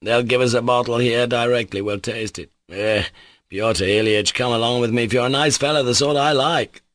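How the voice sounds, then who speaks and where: A man reading an audiobook, voicing an excitable, reckless young nobleman who talks in a feverish, rambling way. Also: medium pitch, moderate pace, no echo, lightly acted. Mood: feverish, expansive.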